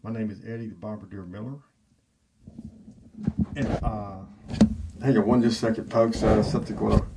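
A man hosting a radio show, talking in a rambling, halting, preachy way full of filler sounds. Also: lowish voice, steady tone, creaky, heavy background noise. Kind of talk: rambling talk radio monologue. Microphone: home broadcast setup.

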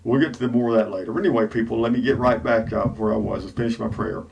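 Gravelly rambling male radio host. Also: on the low side, a little mellow, poor audio. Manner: halting, full of "uh" fillers, preachy. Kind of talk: rambling talk radio monologue. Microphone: home broadcast setup.

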